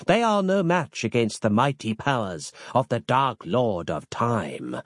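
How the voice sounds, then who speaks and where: A man voicing a scornful dark sorcerer who sneers his words in a slow, drawn-out way. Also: mid-range voice, sing-song, dry recording, studio quality. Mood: menacing. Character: scheming male dark sorcerer, scornful and menacing.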